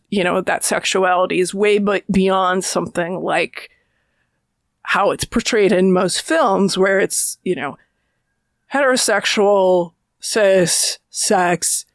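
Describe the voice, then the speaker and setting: Woman, film critic, gravelly fry, dry close mic, casual discursive talk. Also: medium pitch, no room sound. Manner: discursive, thinks aloud with restarts. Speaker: film critic and author, podcast guest. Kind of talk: casual podcast conversation.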